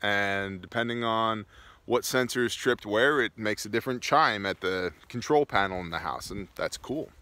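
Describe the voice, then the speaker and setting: Joking man with a bright voice. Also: on the low side, normal speed, no room sound. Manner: joking, self-mocking asides. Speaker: host. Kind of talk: casual solo vlog talk. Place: outdoors on rural land.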